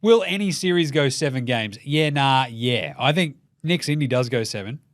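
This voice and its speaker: An Australian-accented host runs a comedic sports show, cursing freely and slipping into impressions of the people he quotes mid-rant. His mid-range voice is expressive and moves at a normal speed, recorded cleanly in a studio with no echo.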